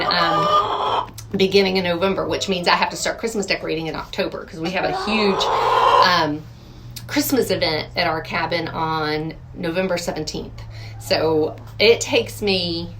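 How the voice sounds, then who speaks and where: Chatty Southern woman on a noisy livestream. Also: on the low side. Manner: chatty, laughs often, coos at pets. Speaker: vlog host. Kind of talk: casual livestream chat. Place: outdoors at a home with hens.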